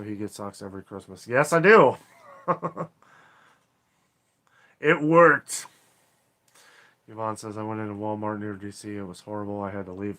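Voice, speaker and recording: Reading viewer comments aloud on a casual live stream, this man speaks with a fairly low pitch and a sharp tone. His manner is rambling and chatty, with frequent apologies and laughter.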